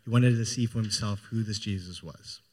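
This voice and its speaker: A man's voice: on the low side, brisk, warm tone. A man preaching a sermon, retelling a Gospel story in an informal, storytelling way. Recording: long hall reverb.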